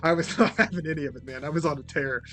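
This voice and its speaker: A young man hosting a podcast, telling a story in casual chat, animated and swearing freely as he acts out the quotes. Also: a little high, fast, soft background music. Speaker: podcast host.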